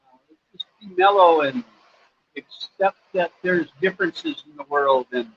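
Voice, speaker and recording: A man from the United States answers his viewers' questions during a casual livestream from his home in Cambodia, rambling easily and using plenty of fillers. His slightly high voice has lively intonation and moves a little slowly, over slightly dull sound and faint noise.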